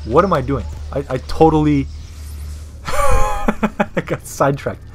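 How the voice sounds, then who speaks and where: A man's voice: fairly high pitch, wildly swooping pitch, slow, noisy background. A man casually commentating a video game, talking in a rambling, crude, profane way. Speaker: gameplay commentator.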